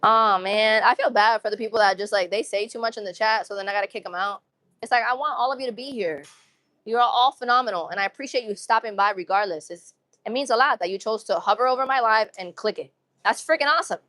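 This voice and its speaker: A woman's voice: a little high, quick pace, a bit bright, no echo. A young woman from Massachusetts with a New England accent and some urban slang, chatting casually and upbeat with viewers on her livestream, often repeating phrases. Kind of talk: casual live-stream chat with viewers.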